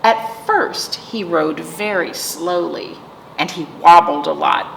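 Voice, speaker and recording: A woman's voice: on the low side, slow pace, gravelly. A woman children's librarian reading a picture book aloud, playful and asking children questions. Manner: warm, playful, asks kids questions. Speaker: children's librarian, storytime host. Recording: reverberant room, faint noise.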